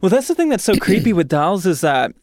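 Podcast host guy, kinda high voice with lots of ups and downs, easygoing chat, dry sound. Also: sing-song, a little fast, a little mellow, no echo.

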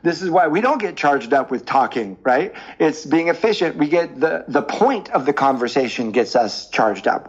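A man being interviewed as a dating coach, explaining with lively stories and examples. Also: medium pitch, slightly rough, muffled recording. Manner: animated storyteller, explains with examples. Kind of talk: podcast interview.

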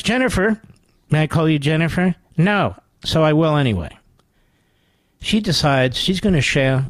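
A man's voice: mid-range voice, no room sound. A man hosting a radio talk show, delivering a sarcastic, mocking monologue full of rhetorical asides into a studio microphone.

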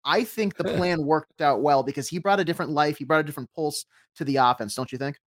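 A man's voice: fairly high pitch, no echo. Man recapping a soccer match. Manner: measured play-by-play recap with many fillers. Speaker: soccer podcast host. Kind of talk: casual sports recap.

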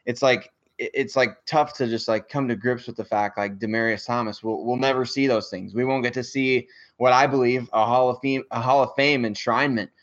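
Halting man on dull lo-fi audio. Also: medium pitch, fairly even intonation. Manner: halting, many filler words. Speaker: podcast guest and team reporter. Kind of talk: casual sports podcast chat.

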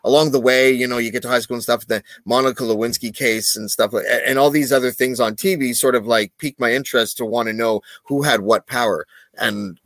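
A man guesting on a podcast, talking in a loose, animated way, swearing and joking with mock aggression. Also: medium pitch, brisk, few pauses, no echo. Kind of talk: casual chat.

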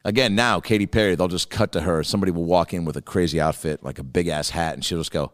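A man's voice: low-pitched, quick pace, hardly any pauses, no echo, clean studio sound, long reverb tail. A man, a comedian hosting a podcast, rambling in a profane, casual monologue. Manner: profane, rambling, swears a lot.

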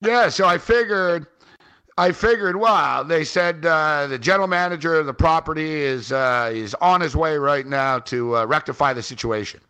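Speaking with a clean tone, a little high and at a moderate pace, a fantasy sports radio co-host spins an animated, rambling yarn while on a trip in Halifax. "Like" and "man" pop up again and again in his casual chat.

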